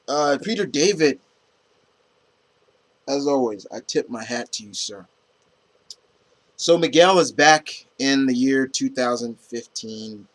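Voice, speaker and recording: A young man talks through his comic picks in an easygoing, unscripted way. His voice sits at an ordinary middle pitch. He rambles, restarts his sentences and leans on fillers, with casual swearing mixed in. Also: takes it slowly, pauses often, a bit bright. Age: young adult. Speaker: comic book reviewer. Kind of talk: casual spoken review.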